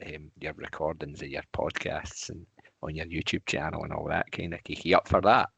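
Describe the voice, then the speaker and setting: A man's voice: a bass voice, steady tone, moderate pace, gravelly, a bit bright, husky, dry recording. A man with a Scottish accent co-hosting a podcast, chatty and teasing in casual talk. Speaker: podcast co-host.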